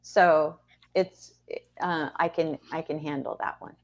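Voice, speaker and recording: A woman chatting casually on a podcast, unhurried and amused. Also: low-pitched, fairly even intonation, highs cut off. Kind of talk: casual chat.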